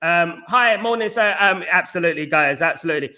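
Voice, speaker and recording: Male stream host, high and bright, rapid animated banter reading chat. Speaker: fan channel host reading live chat. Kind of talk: fast casual live-stream chat.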